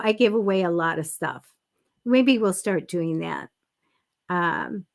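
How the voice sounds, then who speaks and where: Chatty woman psychic host. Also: fairly high pitch. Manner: chatty and anecdotal, with many fillers; encouraging, direct advice. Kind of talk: casual livestream chat.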